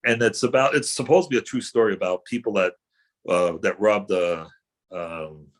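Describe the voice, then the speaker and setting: A man's voice: fairly low pitch, moderate pace. A middle-aged man, an actor guest, telling rambling anecdotes in casual chat with many fillers and restarts.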